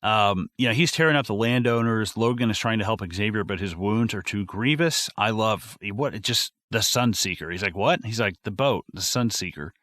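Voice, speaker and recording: A man co-hosting a podcast, recapping a movie in casual chat, excitable and profane, with lots of fillers. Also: lowish voice, moderate pace, few pauses, dry recording. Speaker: podcast co-host.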